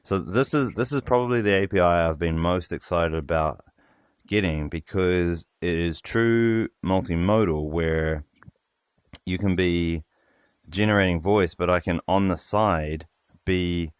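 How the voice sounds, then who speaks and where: A man developer explaining a voice API demo in a casual work meeting, hesitant with lots of pauses and fillers. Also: deep voice, clean tone, no room sound, clean studio sound.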